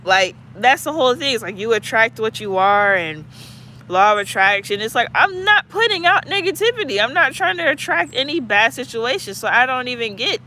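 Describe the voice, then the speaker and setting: High bright guy just musing out loud, lots of likes, faint street noise around. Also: expressive, moderate pace. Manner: loose and musing, many "like" fillers. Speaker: channel host. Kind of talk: casual reflective chat.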